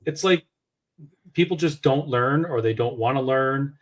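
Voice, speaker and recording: A man's voice: mid-range voice, a little slow. A Canadian man as a guest, speaking earnestly and with conviction, often restarting his sentences. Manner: earnest, opinionated, with hesitant restarts. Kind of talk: casual conversational commentary.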